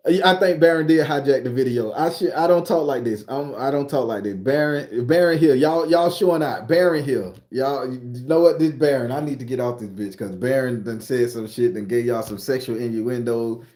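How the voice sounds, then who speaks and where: Bawdy, lively man joking on a phone stream. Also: mid-range voice, moderate pace. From southern Florida. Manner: bawdy, joking, loud and animated. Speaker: spiritual reader and channel host. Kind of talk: casual live-stream chat.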